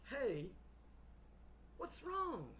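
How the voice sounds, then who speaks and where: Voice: high voice, huge pitch swings, extremely slow, a bit bright, a little hiss or hum, voice pushed up, heavily acted. A storyteller voicing a young, inexperienced witch who is hesitant but eager to help.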